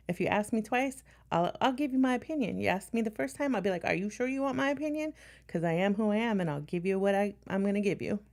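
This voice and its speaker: A woman's voice: mid-range voice, darkish tone. A woman talking on a casual livestream in a blunt, defiant way, swearing often.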